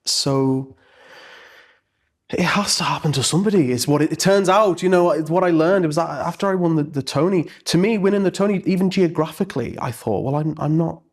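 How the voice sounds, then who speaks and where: This Merseyside stage actor, interviewed casually, talks in a fairly high voice and at a fairly quick clip. His answers come out earnest and thoughtful, with many false starts.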